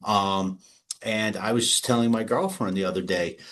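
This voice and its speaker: A man's voice: on the low side, normal speed, fairly bright tone, a little hiss or hum. A middle-aged man in casual interview talk, rambling through anecdotes with frequent restarts and small laughs. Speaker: guest. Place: home or office.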